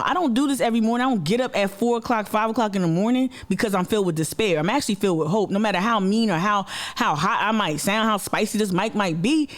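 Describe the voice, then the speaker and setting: A man's voice: high voice, quick pace, hardly any pauses. A man with a Southern US accent giving blunt, casual commentary as an activist host, cursing and mocking others' voices. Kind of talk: casual commentary on a played clip.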